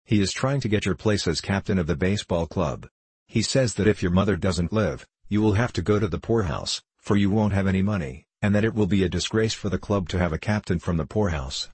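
A man voicing a warm-hearted, loyal teenage boy who talks eagerly to his friend. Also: sits low, fairly quick, slightly rough, no echo.

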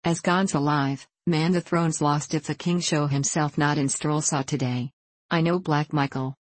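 A woman reading the part of a gruff, scornful old colonel in an audiobook, curt and sneering. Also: low voice, fairly even intonation, moderate pace, no room sound. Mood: urgent.

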